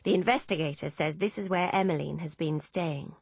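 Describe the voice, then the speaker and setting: A woman narrating a novel in the first person, measured and even. Her voice sits low and is recorded close, with a dry studio sound and no room around it. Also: gravelly, dry recording. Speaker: audiobook narrator.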